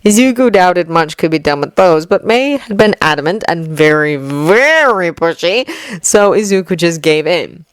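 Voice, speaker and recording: Expressive woman reading a fanfic. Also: lowish voice, normal speed, smooth, no room sound. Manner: expressive storytelling. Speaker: narrator.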